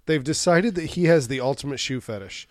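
A man in his thirties co-hosting a podcast in casual chat, animated and swearing, laughing often. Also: on the high side, fairly quick, no echo, studio quality. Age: 30s. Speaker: podcast co-host.

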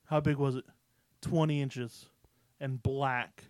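A man's voice: medium pitch, slow, dry recording. A man co-hosting a podcast, recapping a movie in casual chat, swearing freely and acting out the characters' lines. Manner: profane, animated, acts out characters in quotes. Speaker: podcast co-host.

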